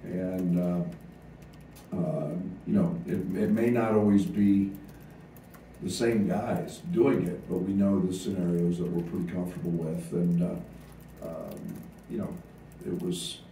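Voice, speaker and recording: A man, a head basketball coach, answering press conference questions, halting with fillers and restarts. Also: low-pitched, fairly even intonation, mellow. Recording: echoey room, distant mic, faint noise.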